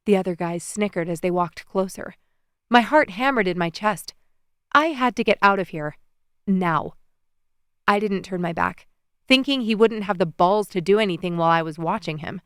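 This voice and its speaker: Smooth-voiced woman narrating a romance audiobook. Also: medium pitch, moderate pace, no room sound, studio quality. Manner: expressive, storytelling.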